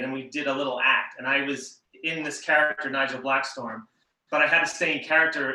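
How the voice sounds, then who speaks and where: A man's voice: fairly high pitch, sharp tone. A man appearing as a magician guest on a video call from home, chatting easily and talking through a trick with plenty of fillers. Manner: easygoing, chatty, with many fillers. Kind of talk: casual chat with magic patter. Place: home in a room with echo. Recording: roomy echo, distant from mic.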